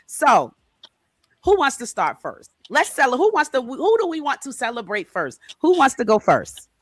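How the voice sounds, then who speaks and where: A woman hosting a podcast as author and coach, upbeat and animated, calling out greetings to her guests over a video call. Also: high voice, moderate pace, dry recording.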